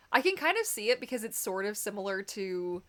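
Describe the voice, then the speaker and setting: A woman's voice: mid-range voice, very animated, moderate pace, fairly bright tone. A young woman hosting a casual live stream, chatty and giggly, with lots of "like" and "um" fillers. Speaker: livestream host.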